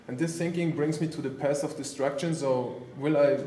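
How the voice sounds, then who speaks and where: A man's voice: on the high side, steady tone, moderate pace, mellow, slight background noise. Hesitant man musing in a roomy space. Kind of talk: casual conversation. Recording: roomy, faint ambience.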